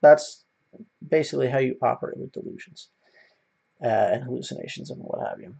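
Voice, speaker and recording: A man's voice: mid-range voice, lively intonation, brisk, creaky, darkish tone, slightly rough. A man ranting in a casual monologue, swearing often and rambling with many fillers. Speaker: video commentator.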